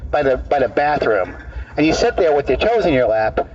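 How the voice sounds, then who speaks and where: A male street comedian telling a rambling, deadpan absurd story in halting, repeated phrases to people in an outdoor park. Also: mid-range voice, slight background noise. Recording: dull distant outdoor recording.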